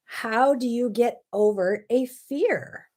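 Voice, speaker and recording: Animated woman hosting a casual talk show. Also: fairly high pitch, slow pace. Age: 30s or older. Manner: energetic, animated storytelling with sudden loud emphasis. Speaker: host.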